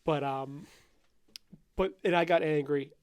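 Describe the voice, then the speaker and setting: Man, podcast host, fairly high voice, casual, chatty, laughs easily. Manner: conversational, quick to laugh and chime in. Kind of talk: casual interview chat.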